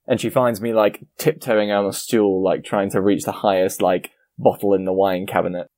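Laid-back man with a lowish voice. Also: steady tone, normal speed, darkish tone. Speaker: player. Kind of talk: tabletop role-play.

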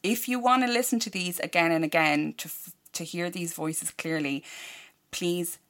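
A woman's voice: fairly low pitch, normal speed, fairly bright tone. A young woman co-hosting a podcast, reading a news story evenly and then bantering and teasing her co-host in casual chat.

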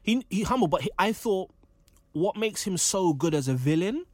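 A man chatting casually about a film, laid-back and getting animated when he jokes. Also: sits high, moderate pace, dry recording.

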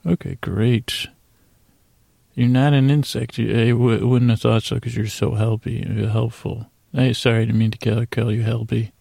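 A man's voice: mid-range voice, flat delivery, moderate pace, creaky, warm tone, no echo. A man hosting a podcast, rambling playfully as he thanks listeners and talks to imaginary creatures. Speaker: podcast host. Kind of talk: casual, playful thank-you segment.

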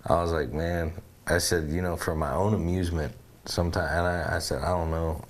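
Deep-voiced man telling animated stories. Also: a little fast, over a noisy crowd. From United States. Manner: animated, rambling, full of "you know what I mean". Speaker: podcast co-host. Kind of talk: casual storytelling chat.

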